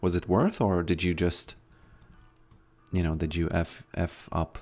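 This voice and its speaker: Male streamer, deep voice, relaxed chatty delivery over faint music. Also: unhurried. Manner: laid-back, answering chat, trailing off mid-sentence. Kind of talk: casual livestream chat while gaming.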